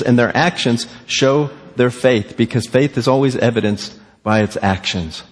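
A man preaching a sermon, animated, asking rhetorical questions and acting out the quoted lines. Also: mid-range voice, moderate pace, hardly any pauses, big-room sound. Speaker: pastor.

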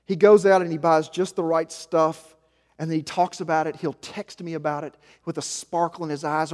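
Emphatic male pastor with a high voice, from Arkansas, sermon in a big echoing sanctuary. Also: flat delivery, moderate pace. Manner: emphatic, swings from hushed to loud, repeats key lines. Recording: long reverb of a large hall.

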